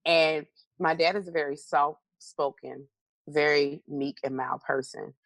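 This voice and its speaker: A woman's voice: deep voice, fairly even intonation, measured pace, no echo. A middle-aged woman guest in an interview, telling stories with animation and acting out her own replies. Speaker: interview guest, motivational speaker. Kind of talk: candid conversational interview.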